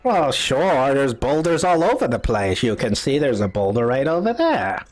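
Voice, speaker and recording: A man voicing a cranky, arthritic old woman who lives alone in the woods, talking slowly in a grumbling, suspicious way. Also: medium pitch, very animated, close to an everyday voice. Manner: slow, grumbling and querulous.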